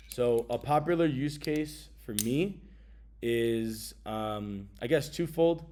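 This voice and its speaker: A man vlogs about his travel gear casually and with slang, dropping plenty of ums between bursts of excitement. His voice is mid-range.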